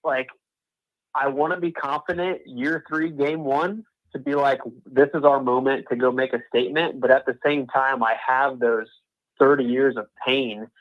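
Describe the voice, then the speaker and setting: A man's voice: mid-range voice, steady tone, normal speed. Hesitant male caller on a dull line. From Florida. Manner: torn, hesitant and candid. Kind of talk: phone-in chat.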